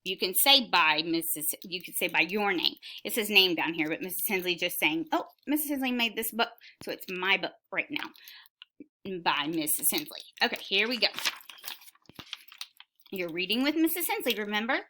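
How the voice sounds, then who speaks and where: A woman's voice: mid-range voice, expressive, moderate pace, bright, forceful tone. A woman teacher reading a sight word book aloud to young children, word by word, with encouraging prompts.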